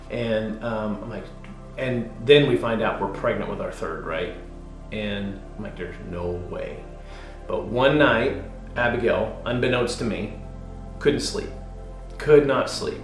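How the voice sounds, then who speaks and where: Animated storytelling pastor, roomy echo. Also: male voice, on the low side. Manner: animated storyteller, swings from loud to hushed. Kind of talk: casual testimony interview.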